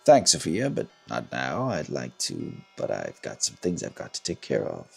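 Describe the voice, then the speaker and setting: A man doing a low brooding wanderer. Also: wildly swooping pitch, moderate pace, creaky, slightly rough, faint music behind, heavily acted. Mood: terse.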